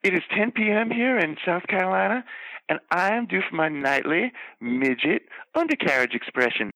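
A man's voice: high-pitched, lively intonation, moderate pace, bright, forceful tone, no echo, heavily acted, poor audio. A man voicing a flustered, bawdy old Southern belle who keeps gasping with hiccups as she rambles through scandalous gossip. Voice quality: gasping hiccups between phrases. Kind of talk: comedic character bit.

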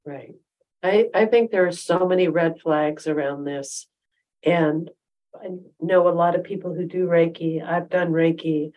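Low-voiced woman, emphatic. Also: steady tone, a little slow, highs cut off. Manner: emphatic, firm opinions. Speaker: podcast co-host. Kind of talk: casual chat.

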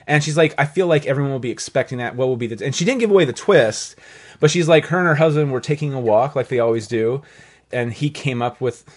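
A man hosting a podcast in casual chat, animated and laughing, swearing freely. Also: medium pitch, a little fast, slightly rough. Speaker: podcast host.

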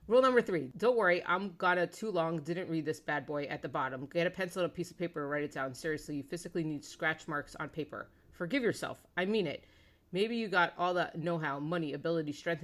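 Woman reading a post aloud, casual. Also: deep voice. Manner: casual, hesitant asides, slangy and profane when reading.

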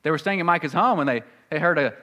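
A man preaching a sermon with a Southern US accent. He talks earnestly and conversationally, and his pitch jumps up when he acts out quoted voices. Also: lively intonation, fast talker, pushed and bright. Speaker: pastor.

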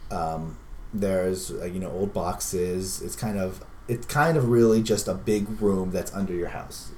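A man's voice: low voice, a little slow, warm tone, slight background noise. A man narrating as game master of a tabletop role-playing game, rambling with many fillers and restarts.

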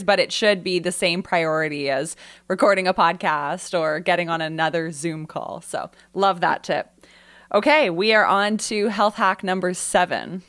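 A woman with a low-pitched voice hosts a podcast, sounding upbeat and affirming as she reacts to her guest. Her voice is close and dry, with no room sound. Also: fairly bright tone, no room sound. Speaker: podcast host. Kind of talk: podcast interview.

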